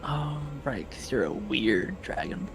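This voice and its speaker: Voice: medium pitch, very animated, a little slow, creaky, over music. A player joking and bantering casually at a tabletop game.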